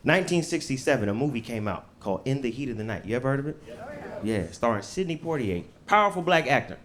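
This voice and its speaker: A man from the United States performing a stand-up comedy set with punchy, animated delivery and casual swearing. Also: mid-range voice, quick pace.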